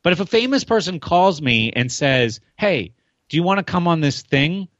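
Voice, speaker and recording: A man's voice: a little high, sing-song, moderate pace, a bit bright, dry recording, highs cut off. A man as a podcast guest in casual chat, playfully boastful and mock self-important.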